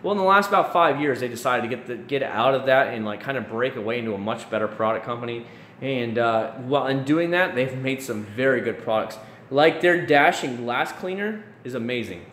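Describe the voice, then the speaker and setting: A man's voice: medium pitch, lively intonation, a little fast, a bit bright. A man in his thirties from Florida, hosting a casual live stream, chatting with viewers in a rambling way full of restarts and fillers. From Central Florida. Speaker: YouTube live-stream host answering chat. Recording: echoey room with faint background noise.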